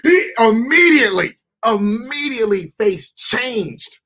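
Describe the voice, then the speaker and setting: A high-pitched man with a husky, grainy edge hosts casual reaction commentary. He talks in an animated, profane way, calling out to his viewers as his people. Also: slow. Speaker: host.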